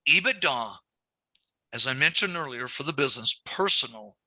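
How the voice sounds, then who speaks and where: A man's voice: mid-range voice, expressive, moderate pace, pushed and bright, no echo. A man teaching a lending class, repeating key points and telling stories from his banking days. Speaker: banking instructor. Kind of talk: classroom lecture.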